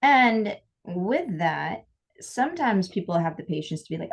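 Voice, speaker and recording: A woman's voice: lowish voice, animated, moderate pace, vocal fry. A woman co-hosting a podcast, talking candidly in casual conversation and often restarting her sentences. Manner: candid, rambling with frequent restarts and quoted asides. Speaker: podcast co-host.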